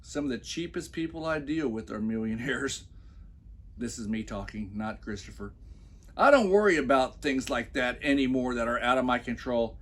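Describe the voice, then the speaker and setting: A man's voice: medium pitch, moderate pace, a bit bright. A man giving mocking commentary on a post he reads aloud from his phone, with sarcastic, scornful asides. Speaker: commentary vlogger.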